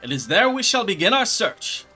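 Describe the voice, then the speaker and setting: A man doing a pompous booming inspector. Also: very animated, moderate pace, sharp tone, faint music behind, heavily acted. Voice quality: high, booming, theatrical. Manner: grandiloquent, pompous. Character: pompous male inspector, theatrical and grandiose. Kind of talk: reading game dialogue aloud in voices.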